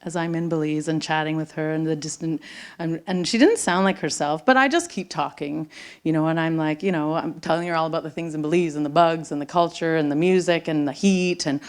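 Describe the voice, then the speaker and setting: Low-voiced woman, middle-aged, storytelling live on stage, goes loud then whispery, real dramatic. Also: a little fast. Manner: dramatic, swings from loud bursts to hushed whispers. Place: theater stage before an audience.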